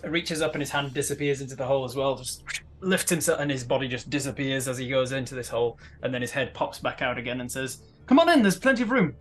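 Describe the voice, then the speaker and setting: Man, tabletop player, eager, explanatory, mid-pitched. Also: fairly bright tone, rough recording. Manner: eager, explaining plans and actions. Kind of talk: tabletop role-play.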